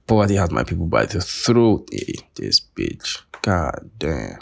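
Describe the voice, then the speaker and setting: A man's voice: deep voice, huge pitch swings, unhurried, vocal fry, fairly bright tone. A young Nigerian man with a Nigerian accent, hosting a podcast in a profane, sarcastic casual rant. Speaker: podcast host. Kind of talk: casual monologue.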